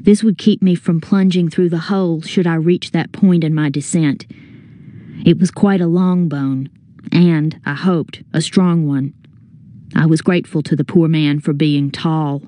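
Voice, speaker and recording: A woman narrating a story as an audiobook reader, in a measured, earnest first-person telling. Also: low-pitched, steady tone, mellow, no room sound.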